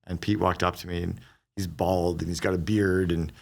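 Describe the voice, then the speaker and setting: A middle-aged man, a guest on a business podcast, telling stories in a quick, animated conversational way and acting out the dialogue he quotes. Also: low-pitched, vocal fry. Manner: fast, animated storyteller who acts out quoted dialogue.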